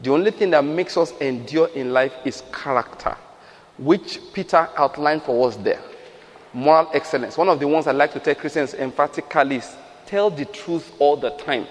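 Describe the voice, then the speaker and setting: A man's voice: fairly high pitch, normal speed, big-room sound. A man preaching a sermon, emphatic, asking the listeners rhetorical questions and acting out quotes.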